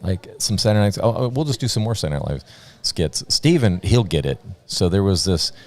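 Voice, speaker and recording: A man's voice: low-pitched, big pitch swings, fairly quick, a little mellow. A man commentating a live sports stream in casual banter, rambling and joking with frequent laughs. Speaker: livestream commentator.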